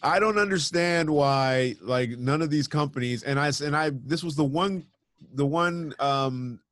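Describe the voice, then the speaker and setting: Hey it's just a guy ranting on a podcast, dead dry mic, animated, doing little voices for people he talks about. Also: a little high, measured pace, no echo. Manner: animated storyteller, mimics people mid-story. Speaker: podcast co-host. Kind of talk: casual ranting chat.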